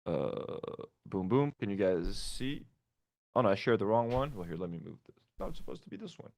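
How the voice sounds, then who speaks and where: A man's voice: lowish voice, expressive, brisk, vocal fry, darkish tone. A man co-hosting a casual live-streamed podcast, laid-back and laughing often as he reads out donations and thanks viewers one by one. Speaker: podcast co-host reading donations.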